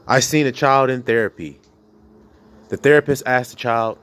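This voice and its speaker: A man's voice: mid-range voice, animated, normal speed, fairly bright tone, a little hiss or hum. A man preaching with passion, bluntly and profanely, firing rhetorical questions at his listeners. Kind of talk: preaching to a congregation.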